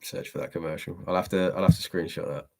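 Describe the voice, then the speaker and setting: A man's voice: low-pitched, fairly even intonation, fast, creaky, dark tone. A man hosting a live stream and answering chat, chatty and self-deprecating, laughing often as he reads the questions.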